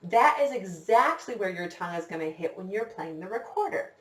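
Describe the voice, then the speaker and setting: A woman's voice: medium pitch, animated, fairly quick. A woman music teacher giving a recorder lesson for children, patient and encouraging, counting her students in. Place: classroom with a whiteboard. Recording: echoey room, distant mic.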